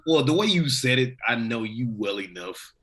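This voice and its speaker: A man's voice: medium pitch, big pitch swings, normal speed, fairly bright tone. A man co-hosting a podcast in casual chat, rambling with restarts and swearing. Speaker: podcast co-host.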